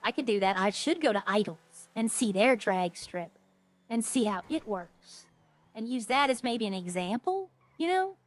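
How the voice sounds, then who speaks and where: A woman's voice: on the high side, lively intonation, moderate pace, no echo. A woman streaming a game, chatting casually with viewers and thinking aloud in a rambling way. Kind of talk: casual gameplay chat to viewers.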